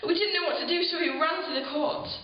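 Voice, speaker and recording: A woman plays an earnest townswoman eyewitness who pours out her memory in a high, emotional monologue. Her voice rings around a very echoey room, and the recording sounds dull with a faint hiss underneath. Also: fast. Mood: alarmed. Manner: earnest, emotional storytelling with breathy laughs and sighs. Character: ordinary townswoman recalling the crucifixion, earnest. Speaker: eyewitness in a church program video. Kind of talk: dramatic first-person monologue.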